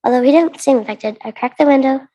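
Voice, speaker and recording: Earnest and sometimes starting over, a teenage American student reads her own story to a conference crowd. Her voice is high-pitched and warm, she talks fast, and the highs are cut off in the recording.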